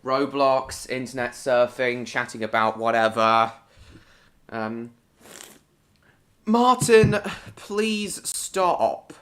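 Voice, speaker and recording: A man's voice: medium pitch, animated, drawn-out words, long pauses, fairly bright tone. A British man hosting a casual live stream, greeting viewers by name and answering chat comments in short, broken phrases.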